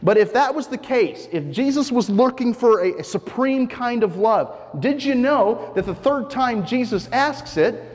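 A man's voice: very high-pitched, expressive, unhurried, few pauses, a little mellow, big-room sound. A male pastor preaching a conversational sermon, explaining a point and asking the listeners rhetorical questions.

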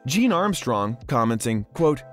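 A man's voice: mid-range voice, very animated, unhurried, soft background music. A man reading a scripted documentary narration as the channel's host, in a polished voice-over delivery.

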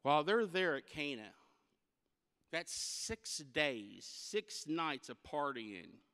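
Male guest preacher, comic storyteller, high bright tone, long hall reverb. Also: very animated, slow pace. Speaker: guest speaker. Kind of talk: humorous sermon storytelling. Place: church sanctuary.

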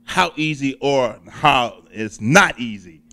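A man from Chicago hosting an interview, asking questions in a friendly, animated way. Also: medium pitch, slow. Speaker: interviewer host. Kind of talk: casual interview chat.

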